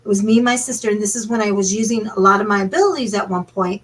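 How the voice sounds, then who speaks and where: A woman's voice: mid-range voice, very fast, low-quality recording. A woman from Minnesota telling a ghost story as a guest, rambling and full of "like" and "you know". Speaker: paranormal investigator guest. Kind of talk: casual storytelling.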